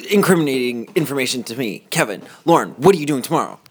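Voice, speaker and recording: A man hosting a home podcast, playing up fake outrage and swearing freely. His talk is theatrical and joking, with a middle-pitched voice. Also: expressive, fast, a little hiss or hum. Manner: mock-outraged, profane, theatrical. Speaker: podcast host. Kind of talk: casual joking podcast banter. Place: cold house.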